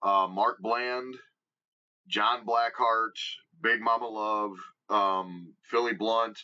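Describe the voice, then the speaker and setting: A man with a Midwestern American accent, guest on a podcast, telling stories in an animated, emphatic way and acting out what others said. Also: on the low side, slow pace. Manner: animated storyteller, emphatic, acts out quotes. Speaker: guest wrestler. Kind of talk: casual storytelling interview. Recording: dull lo-fi podcast audio.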